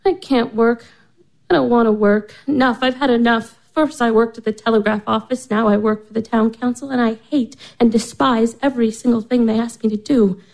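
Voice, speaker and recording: A young woman of twenty-four at the end of her rope, anguished and close to weeping. Her voice sits a little high yet sounds dark and mellow. It often drops into a breathless whisper. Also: steady tone, normal speed, creaky. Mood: desolate. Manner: anguished, tearful, breaking into whispers. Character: despairing young woman nearly twenty-four, weary of life. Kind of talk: stage drama acting.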